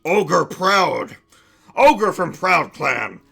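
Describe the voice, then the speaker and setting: A man doing a slow, gruff proud ogre. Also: high voice, sing-song, bright, forceful tone, faint music behind, full character voice. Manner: broken caveman speech, slow and heavy. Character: huge proud grumbling male ogre.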